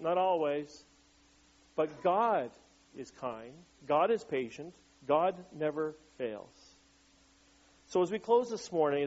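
A man's voice: fairly high pitch, darkish tone, dull audio. A man preaching a Sunday sermon in a conversational way, asking the congregation questions and answering them himself. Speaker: pastor.

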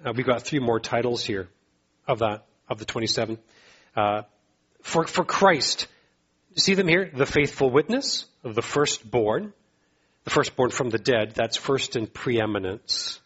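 Male pastor mid-sermon; emphatic, repetitive delivery; husky, muffled recording. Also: lively intonation, a little slow, a bit bright. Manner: emphatic, repeats phrases, rises in pitch to exhort.

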